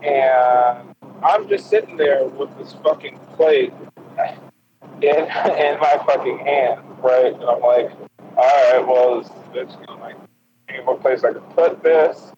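A man's voice: mid-range voice, steady tone, takes it slowly. A young man casually telling a crude, profane story to friends, laughing often and acting out what people said. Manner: profane, laughing, acts out quotes. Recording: lo-fi with loud noise.

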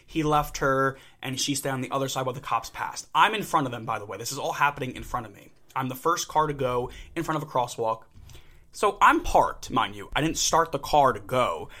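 A young man with a bright, forward voice, chatting on a casual podcast. He tells stories with energy and jumps into loud acted-out quotes of the people in them. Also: mid-range voice, a little fast. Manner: animated storyteller, acts out shouted quotes. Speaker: podcast co-host. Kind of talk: casual chat.

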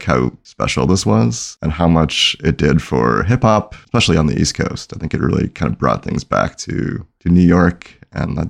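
A man's voice: deep voice, vocal fry, a little mellow. A man co-hosting a casual hip hop podcast, talking in a laid-back way full of "like" fillers. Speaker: podcast co-host. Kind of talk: casual music discussion.

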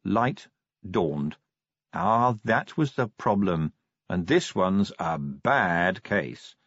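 A man's voice: deep voice, lively intonation, drawn-out words, a bit bright, no echo, dull audio. A man narrating a comic audiobook with wry, dry timing.

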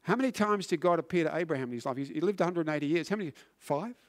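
A man preaching a sermon, earnest and emphatic, often restarting words and swinging from loud to hushed. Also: fairly high pitch, expressive, very fast. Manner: frequent word restarts.

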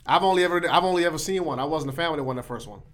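A young man on a sports podcast, excitable and loud, often shouting and laughing mid-sentence. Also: fairly high pitch, racing. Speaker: podcast co-host, Buccaneers fan. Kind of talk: loud casual sports banter.

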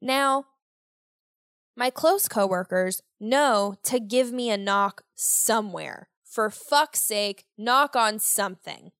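A woman's voice: medium pitch, animated, takes it slowly, fairly bright tone, clear, resonant tone, no room sound, studio quality. A young woman hosting her own podcast, talking alone in a rambling, self-deprecating way and swearing casually. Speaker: podcast host. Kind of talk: casual solo podcast monologue.

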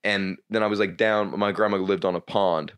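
Low-voiced young man rambling. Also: fairly even intonation, fairly bright tone, smooth. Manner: rambling, halting with many restarts and swearing. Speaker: stand-up comedian guest. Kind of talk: casual podcast chat.

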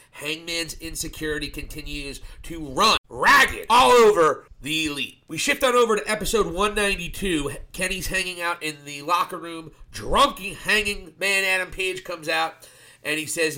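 Bright-voiced man recapping wrestling. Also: fairly high pitch, moderate pace. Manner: excitable, swears casually. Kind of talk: casual recap commentary.

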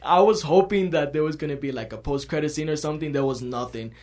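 Man telling a story with lively laughs. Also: on the high side, fast. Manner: animated storytelling, laughs often. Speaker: host. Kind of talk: casual chat.

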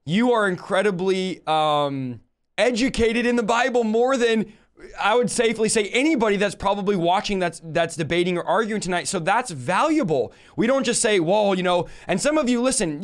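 A young man hosting a livestream, talking with enthusiasm and speaking straight to his viewers. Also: sits high. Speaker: host. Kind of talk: casual livestream talk.

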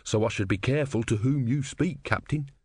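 A man's voice: medium pitch, brisk, a little mellow, breathy edge, no echo, studio quality, natural voice. A man voicing a timid, honest young novice monk in an audiobook, speaking earnestly and a little hesitantly. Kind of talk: audiobook character voice.

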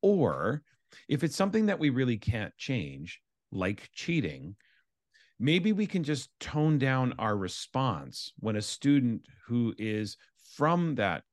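A man's voice: medium pitch, big pitch swings, slow pace, dry recording, studio quality. A man from Canada, an education consultant, explaining his ideas earnestly as a guest in an interview. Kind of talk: interview conversation.

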